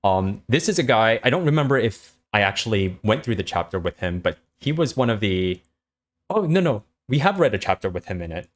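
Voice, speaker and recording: A man reading a story aloud and summarizing it in a relaxed way, with lots of fillers. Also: lowish voice, brisk. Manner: relaxed, hesitant with many fillers. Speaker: host reading a web serial aloud.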